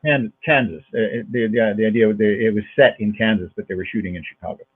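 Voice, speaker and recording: A man's voice: on the low side, fairly even intonation, fast, slightly rough. A male actor and dialect coach, a guest on a video-call interview, talking in a rambling way with many restarts. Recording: tinny lo-fi video call audio.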